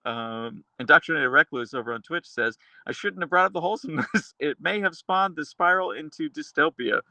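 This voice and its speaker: A man hosting a live stream, reading chat aloud and answering with dark, deadpan humor and frequent laughs. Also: a little high, fairly quick, vocal fry, dry recording. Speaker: livestream host reading chat.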